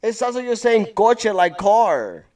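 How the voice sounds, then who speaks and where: A young man co-hosting a casual podcast chat, playful and teasing, quick to exclaim. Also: high-pitched, big pitch swings, darkish tone. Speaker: podcast co-host.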